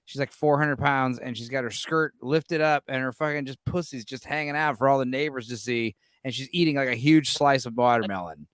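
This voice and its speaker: A man's voice: mid-range voice, brisk, few pauses, a bit bright, clear, resonant tone, no room sound. A man chatting on a casual stream, telling a crude joke in a rambling, profane way. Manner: rambling, profane, restarts his jokes.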